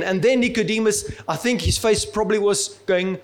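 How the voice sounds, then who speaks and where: A man's voice: sits high, lively intonation, a little fast, hardly any pauses. A male preacher giving a sermon in a conversational, humorous storytelling manner.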